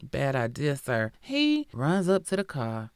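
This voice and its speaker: A woman hosting a podcast, telling a true crime story in a lively, profane, slangy style with asides to her listeners. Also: a bass voice, takes it slowly, clean tone, dry recording, clean studio sound. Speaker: podcast host.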